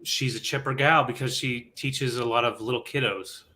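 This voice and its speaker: A man's voice: medium pitch, steady tone, moderate pace, bright, forceful tone. A man co-hosting a live online sale in casual chat, easygoing with short agreeing replies. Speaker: co-host.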